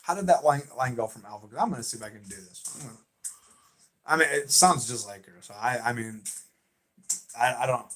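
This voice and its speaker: A man with a Southern accent hosting a livestream, chatting excitedly and emphatically with viewers, repeating his points. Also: medium pitch, brisk, long pauses. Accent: American Southern. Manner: excitable and emphatic, repeats himself, talks back to chat. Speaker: livestream host. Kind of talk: casual fan chat on a livestream.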